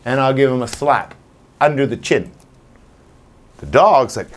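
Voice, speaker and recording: A man's voice: mid-range voice, measured pace, long pauses. A man who trains dogs, talking informally to a live audience and acting out scenes with little voices. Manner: animated, acts out scenes with voices. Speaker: dog trainer.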